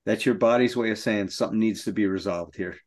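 A man's voice: fairly low pitch, fast talker. A middle-aged man co-hosting a recovery podcast, telling a painful personal story in an earnest, emotional way.

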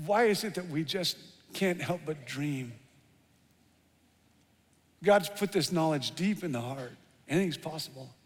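A middle-aged male pastor preaching a sermon, telling stories with lively emphasis that drops to hushed tones. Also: a little high, takes it slowly, long pauses. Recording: long hall reverb.

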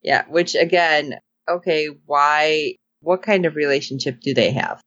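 A woman co-hosting a casual recap chat, animated and acting out characters' lines in put-on voices. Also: deep voice, unhurried, no echo, muffled recording. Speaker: podcast co-host.

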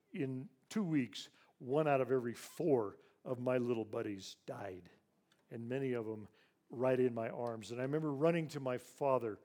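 A man in his sixties who grew up in Ivory Coast tells a personal story to a church audience. He speaks earnestly and drops to a hushed, emotional tone when recounting loss. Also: medium pitch.

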